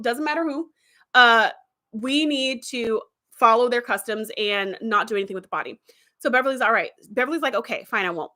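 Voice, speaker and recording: Chatty woman host going over an episode, bright voice a bit on the high side, lots of um and like. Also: brisk. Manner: chatty, animated, with fillers. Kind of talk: casual retelling of an episode.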